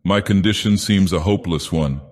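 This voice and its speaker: A man's voice: low voice, fairly quick, a little mellow, close to an everyday voice. A man voicing a desperate young woman. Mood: pleading. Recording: long reverb.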